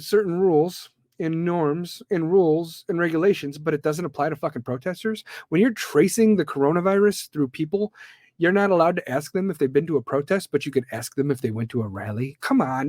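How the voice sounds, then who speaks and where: A man's voice: sits high, darkish tone, no echo, clean studio sound. A man hosting a podcast, delivering a blunt, profane, heated rant. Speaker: podcast host. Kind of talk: ranting monologue.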